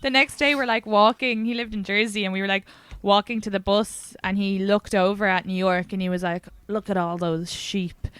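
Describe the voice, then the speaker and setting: Bright, smooth-voiced young woman hosting. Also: medium pitch, a little fast, no room sound. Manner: animated storytelling, quoting others. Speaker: podcast host. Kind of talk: casual chat.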